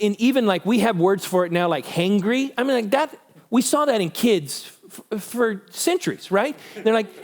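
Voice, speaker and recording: A middle-aged man speaking casually at a parenting conference, relaxed and conversational, answering questions from the room. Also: high voice. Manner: relaxed and conversational, many restarts.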